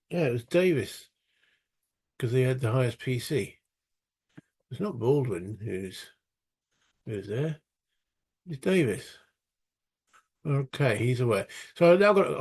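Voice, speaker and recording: A British man narrates his solo tabletop wargame playthrough, chatting and thinking aloud with self-mocking asides. His mid-range voice is a little mellow with a breathy edge.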